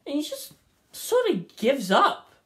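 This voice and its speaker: A woman's voice: high voice, takes it slowly. Swearing, rambling woman reviewer. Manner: animated, swears freely, acts out scenes. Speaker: film reviewer. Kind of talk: rambling casual monologue.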